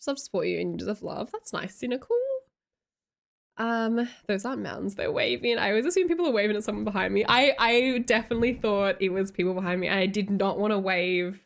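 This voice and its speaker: A woman's voice: medium pitch, fast, gravelly. A woman chatting casually on a livestream, reading chat aloud and telling stories with lots of giggles.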